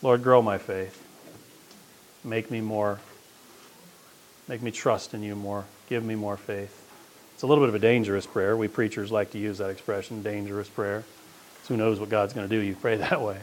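A man preaching a sermon in a folksy, conversational way, often swinging between loud emphasis and quiet asides. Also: fairly even intonation, normal speed, long pauses, slight background noise. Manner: conversational, folksy, with wide swings of pitch and loudness.

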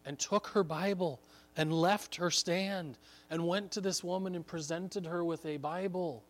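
A man preaching a sermon, telling a story earnestly and building to emphatic points. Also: high-pitched. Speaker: pastor.

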